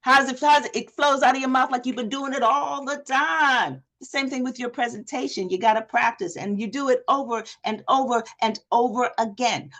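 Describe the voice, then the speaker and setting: A woman coach giving an energetic live online workshop, asking the audience questions and acting out quoted speech with a lifted voice. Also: fairly high pitch, normal speed. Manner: energetic, talks straight to the audience with repeated questions. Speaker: presentation coach. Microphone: video call.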